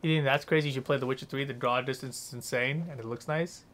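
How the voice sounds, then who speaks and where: A man's voice: medium pitch, fairly even intonation, fast, fairly bright tone. A young man streaming a game, rambling casually and swearing while chatting with his viewers. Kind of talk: casual gameplay commentary.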